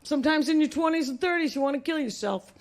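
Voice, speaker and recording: Pushy old salesman father with rapid-fire questions, played by a woman comic, high-pitched. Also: heavy background noise. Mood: gruff.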